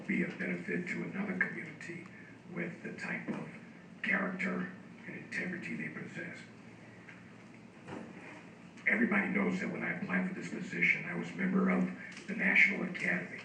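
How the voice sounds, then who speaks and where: Hoarse police chief in an echoey hall. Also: male voice, high-pitched. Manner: halting, with many fillers. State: losing his voice, hoarse. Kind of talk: formal address to a village board. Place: council chamber. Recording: echoey hall, distant mic, noisy.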